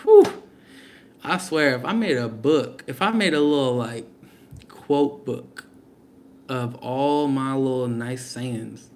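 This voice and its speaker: A man's voice: mid-range voice, slow pace, a little hiss or hum. Blunt, slangy young man reading tarot. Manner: blunt, slangy, talks straight to viewers. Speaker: tarot reader. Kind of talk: casual live tarot reading.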